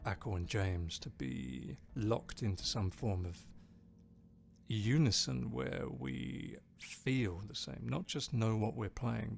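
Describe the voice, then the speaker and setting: A man's voice: fairly low pitch, gravelly, slight background noise. A man chatting casually on a live stream, reading out viewer comments and rambling jokily about music. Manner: rambling, jokey, reads chat aloud. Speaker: streamer and band bassist.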